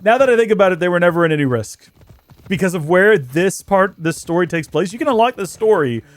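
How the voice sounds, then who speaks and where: A man giving chatty let's play commentary in a fairly high voice. His pitch swings widely as he jokes and mocks himself while he plays. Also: lively intonation, brisk, no echo. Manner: chatty, joking, self-mocking. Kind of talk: gameplay commentary.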